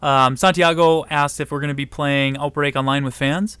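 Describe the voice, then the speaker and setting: A man hosting a casual podcast chat, relaxed and chatty, reading out viewer questions. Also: on the high side, moderate pace, clear, resonant tone, no echo. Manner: relaxed, chatty, laughs often. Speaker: podcast host.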